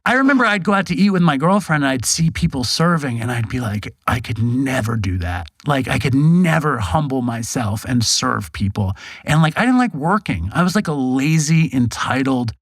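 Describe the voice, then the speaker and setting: A man's voice: mid-range voice, animated, normal speed, hardly any pauses, no room sound. A middle-aged man from New York, a podcast guest telling his story in a frank, self-deprecating way with casual swearing. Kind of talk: candid storytelling interview.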